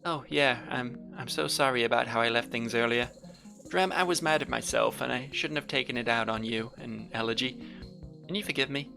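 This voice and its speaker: A man's voice: brisk, gravelly, over music, natural voice. A man voicing an earnest, troubled young heroine. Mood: apologetic. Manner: earnest, pleading, higher put-on voice. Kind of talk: reading game dialogue aloud.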